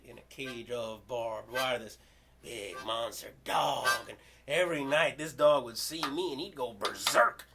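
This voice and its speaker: A man from the United States performs a story poem aloud, his pitch leaping and dipping as he tells it. He talks loudly and expressively, and a heavy noise bed sits under the whole recording. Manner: animated, loud and expressive storytelling. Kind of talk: spoken-word story poem. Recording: loud background noise.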